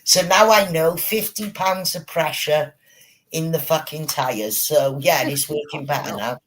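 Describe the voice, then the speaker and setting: A man hosting a livestream, telling stories in a casual, animated way with plenty of swearing. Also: fairly high pitch, measured pace, a little hiss or hum. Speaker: streamer host.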